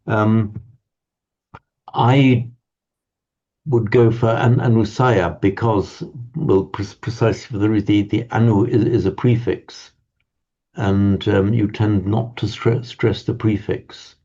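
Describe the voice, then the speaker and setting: A man teaching a Pali class, talking in a halting, thoughtful way with many restarts, on a dull lo-fi recording. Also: fairly low pitch, fairly even intonation, dark tone, breathy edge.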